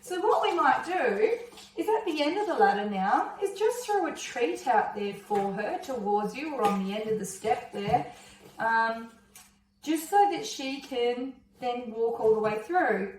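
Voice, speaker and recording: High-voiced, slow-talking woman dog trainer. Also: a little hiss or hum. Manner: praising, encouraging tone with a dog. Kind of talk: instructional dog training video. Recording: echoey, distant camera sound.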